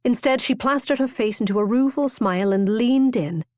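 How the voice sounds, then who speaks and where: A woman narrating a romance audiobook in a measured, expressive reading. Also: a little high, no room sound. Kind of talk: scripted narration.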